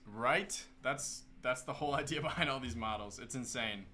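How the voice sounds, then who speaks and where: A man's voice: mid-range voice, normal speed, hardly any pauses, bright, forceful tone, slight background noise. A man hosting a live building stream, chatting casually and enthusiastically.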